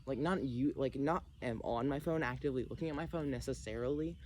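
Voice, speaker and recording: Hula hooping in a rural backyard, a man vlogs into his phone camera, rambling casually and a bit out of breath. His medium-pitched, darkish voice is brisk, and he's chatty and self-deprecating. The recording has a little hiss or hum.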